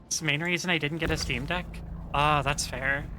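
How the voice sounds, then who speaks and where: A woman streamer chatting casually with viewers while playing, relaxed and profane, rambling with lots of fillers. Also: low voice, moderate pace, music in the background. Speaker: game streamer. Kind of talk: casual stream chat reading viewer messages.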